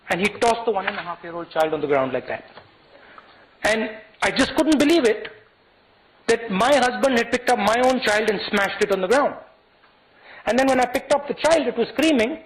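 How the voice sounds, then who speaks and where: A man with an Indian English accent gives a speech to college students, telling a personal story in an earnest, halting way, with restarts and quoted dialogue. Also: high-pitched, poor audio. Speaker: guest speaker addressing college students.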